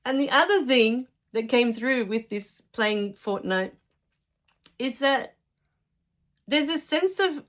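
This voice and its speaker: A woman's voice: fairly high pitch, expressive, slow, long pauses. A middle-aged woman, a life coach talking casually to her followers in a chatty storytelling way. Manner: chatty, warm storytelling with laughs.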